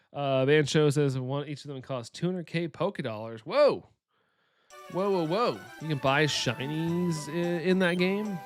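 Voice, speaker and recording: A man with a light Southern US accent, casually chatting with his stream's viewers, upbeat and quick to laugh. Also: on the high side. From Southern United States. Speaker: live-stream host. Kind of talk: casual live-stream chat, reading chat.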